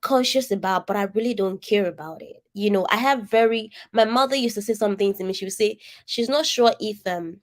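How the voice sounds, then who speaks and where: A woman's voice: mid-range voice, fairly quick, hardly any pauses. A Nigerian woman with a distinctive, somewhat nasal voice and an accent, coaching a group over a video call in an earnest, emphatic way, speaking straight to her listeners. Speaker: coach leading an online session. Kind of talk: interactive coaching talk.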